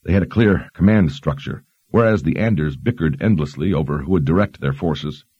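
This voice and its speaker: A man voicing a learned young woman who explains history in a measured, explanatory way. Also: rumbling low, mellow, breathy edge, no room sound, highs cut off. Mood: explaining.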